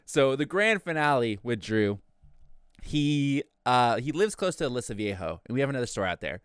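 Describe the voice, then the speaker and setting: Animated young man telling a story. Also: mid-range voice, normal speed, clear, resonant tone, dry recording, studio quality. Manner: animated, profane, acts out quotes. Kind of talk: casual podcast chat.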